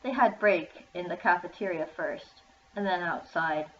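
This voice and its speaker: A woman's voice: on the low side, measured pace, fairly bright tone. A woman reading her own children's story aloud in a plain manner. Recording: echoey room, dull lo-fi sound.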